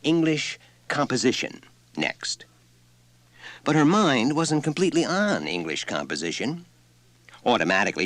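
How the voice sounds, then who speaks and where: A man narrating a story in an expressive, lively reading. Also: low voice, no room sound. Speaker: audiobook narrator.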